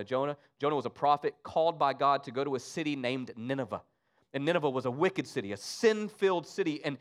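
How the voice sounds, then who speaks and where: A man preaching an Easter sermon, swinging between loud emphasis and soft, low asides. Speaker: pastor.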